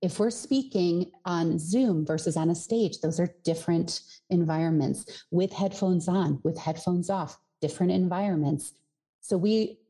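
A woman's voice: lowish voice, mellow. A woman from Colorado who coaches voice and singing, explaining in a podcast interview and sometimes demonstrating with her own voice.

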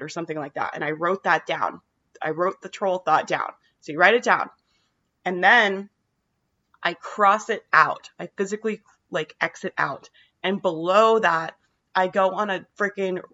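A woman's voice: fairly low pitch, sharp tone, lo-fi sound. A woman giving an emphatic motivational monologue to her viewers, swearing casually and asking "right?" often. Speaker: mental health vlogger.

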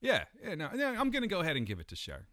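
A man's voice: on the high side, wildly swooping pitch, rapid-fire, sharp tone, no room sound, clean studio sound. A man co-hosting a podcast in casual chat, joking and swearing, slipping into impressions. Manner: profane, joking, breaks into impressions. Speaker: podcast co-host.

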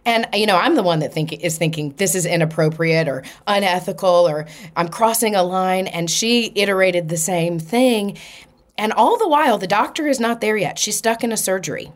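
A woman hosting a spiritual podcast, telling a personal story in an earnest, animated way and acting out the dialogue. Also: medium pitch, moderate pace. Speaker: podcast host.

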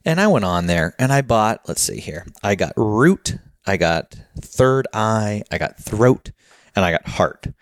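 A man's voice: on the low side, lively intonation, a little slow. A man hosting a podcast, talking in a casual, rambling way full of filler words and sounding slightly out of breath. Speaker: podcast host.

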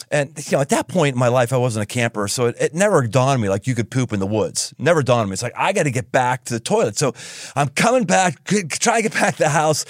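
A male podcast host telling a funny story in a casual, animated way and laughing as he goes. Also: on the high side, dry recording, clean studio sound.

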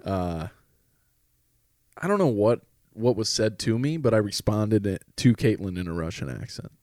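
A man's voice: on the low side, moderate pace, no echo, studio quality. A podcast co-host, a man, telling a rambling comedic story in casual chat and swearing freely. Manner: rambling, swears often, lively anecdotes.

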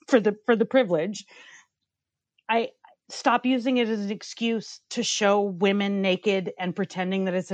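A woman's voice: mid-range voice, no room sound. A woman co-hosting a podcast, giving blunt, profane, opinionated reviews in casual chat and ranting with bursts of laughter. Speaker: podcast co-host.

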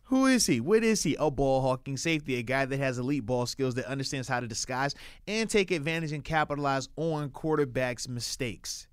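A man's voice: mid-range voice, a little fast, clean tone, no echo, clean studio sound. A man co-hosting a casual sports podcast, talking in an emphatic, hyped and playful way, stretching words for effect.

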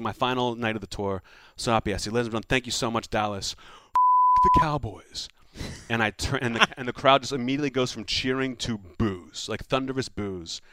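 Fast-talking man telling a story. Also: mid-range voice, no echo. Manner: animated anecdote teller, acts out quotes. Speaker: comedian guest. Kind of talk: casual storytelling chat.

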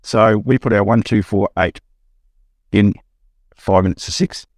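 Australian man, middle-aged, low voice, buyer's agent, animated storytelling, dry studio sound. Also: measured pace, dry recording. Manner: storytelling, acts out quotes with rising pitch. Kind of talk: animated anecdote in podcast chat.

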